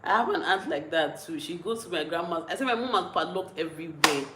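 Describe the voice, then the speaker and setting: A young Nigerian woman with a Nigerian accent, chatting casually on a livestream, reading out comments and rambling with frequent giggles and restarts, a little tipsy and mellow. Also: fairly low pitch, expressive, fast, roomy sound, heavy background noise. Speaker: vlogger.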